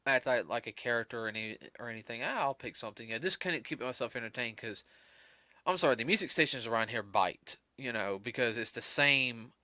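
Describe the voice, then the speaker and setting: A man's voice: medium pitch, fairly quick, sharp tone, no room sound. A tired man chatting casually as a podcast guest host, rambling with lots of fillers and restarts.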